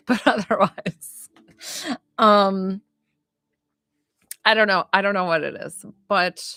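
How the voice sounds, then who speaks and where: A woman's voice: medium pitch, takes it slowly, pauses often, pushed and bright, clean tone, no room sound, studio quality. A woman giving live-stream psychic readings, chatty and giggly, full of likes and ums. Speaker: psychic reader.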